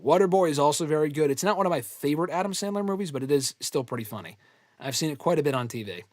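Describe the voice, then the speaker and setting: A man's voice: medium pitch, dry recording, clean studio sound. A man hosting a live fan question show, talking loosely and bluntly with casual swearing. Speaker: host answering fan questions.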